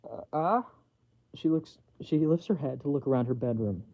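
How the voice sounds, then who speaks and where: A man's voice: mid-range voice, a little fast, dry recording. A man reading his own novel aloud as a bedtime story, plainly and a little self-consciously, with small slips, in a dull home recording.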